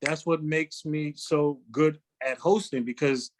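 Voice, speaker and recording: A man in his forties, a comedian telling animated stories in a casual interview and slipping into quoted voices. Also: fairly high pitch, a little slow, slight background noise. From New York. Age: 40s. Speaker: guest comedian.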